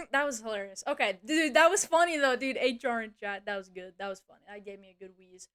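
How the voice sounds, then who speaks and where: A woman's voice: fairly high pitch, brisk, fairly bright tone, clean tone. Profane rambling young woman streamer. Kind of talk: casual livestream chat.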